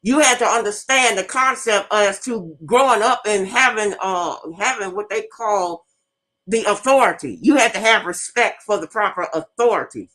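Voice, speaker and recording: Over poor audio, a middle-aged woman with a mid-range, slightly bright voice talks at a normal speed. She's the host of an online radio talk show, delivering a casual monologue full of blunt, emphatic storytelling. She addresses her audience directly.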